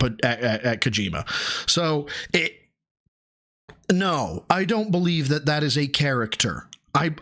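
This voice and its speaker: A man's voice: on the high side, fairly bright tone. A man hosting a stream, reacting to a video with profane, mocking commentary. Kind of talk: casual commentary.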